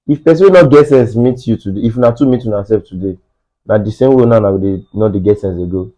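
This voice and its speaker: A man's voice: lowish voice, quick pace, warm tone, poor audio. A man with a Nigerian accent talking emphatically in a casual podcast chat, often slipping into Pidgin.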